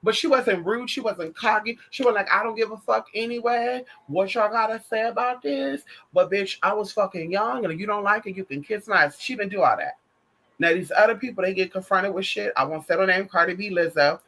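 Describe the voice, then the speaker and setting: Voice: mid-range voice, fairly quick, bright, forceful tone, breathy edge. A vlogger giving sassy, profane, gossipy pop culture commentary, calling the viewer girl and honey.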